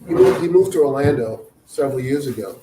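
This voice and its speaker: A man's voice: mid-range voice, lively intonation, fairly quick. A man, an author at a book event, telling a story and acting out the dialogue of the people in it. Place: event venue. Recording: echoey room, faint noise.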